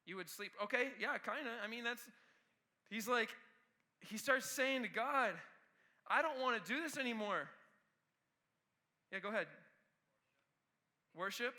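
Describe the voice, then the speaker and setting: A man's voice: very high-pitched, sharp tone. A man preaching a youth sermon with energy, talking straight to the students. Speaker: youth pastor.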